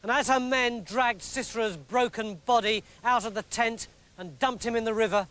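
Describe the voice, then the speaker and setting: An English man telling a comic story in a lively, mock-dramatic narrating voice. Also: extremely high pitch, moderate pace, clear, resonant tone.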